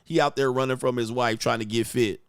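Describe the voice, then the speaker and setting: A man's voice: medium pitch, fairly even intonation, a little fast, fairly bright tone, clear, resonant tone, no echo, studio quality. A man hosting a livestream, ranting crudely and rambling, constantly saying "all right" between points. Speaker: livestream host. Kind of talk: casual livestream rant.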